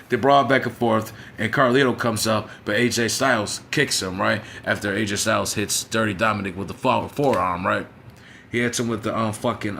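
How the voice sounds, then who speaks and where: Bright-voiced man ranting profanely. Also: on the low side, slight background noise. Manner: profane, frustrated, repeats "you know what I'm saying". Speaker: wrestling show reviewer. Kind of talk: casual rant review.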